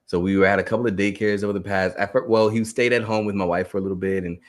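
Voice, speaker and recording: A man in his thirties, an educator giving a live online talk to teachers, telling animated stories and laughing often. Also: lowish voice, very fast. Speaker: educator and speaker.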